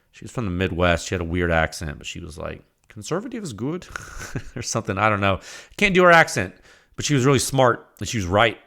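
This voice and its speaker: A man hosting a solo podcast, talking in a rambling, conversational way with repeated words and quick asides. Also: low voice, fairly bright tone. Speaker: podcast host.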